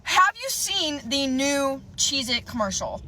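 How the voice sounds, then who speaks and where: A woman's voice: sits high, very animated, unhurried, bright, forceful tone, slight background noise. A woman giving an impassioned, agitated rant straight to camera, earnest and stumbling over her words. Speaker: content creator.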